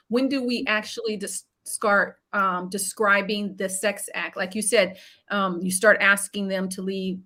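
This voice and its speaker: A woman's voice: medium pitch, pushed and bright. A woman hosting an interview, engaged and affirming, asking long questions about parenting. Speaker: interview host. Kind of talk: conversational interview.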